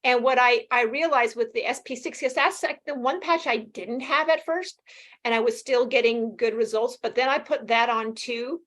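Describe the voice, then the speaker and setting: A woman in her fifties, a guest talking casually and quickly in an interview, animated and laughing often. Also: a little high. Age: 50s. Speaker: guest sharing her experience.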